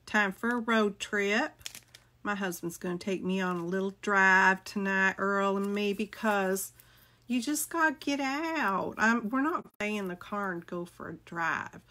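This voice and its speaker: A woman's voice: medium pitch, unhurried, bright, forceful tone. A middle-aged woman, chatting casually with viewers as she shows off a craft haul, gushing and greeting people by name. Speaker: crafting video host.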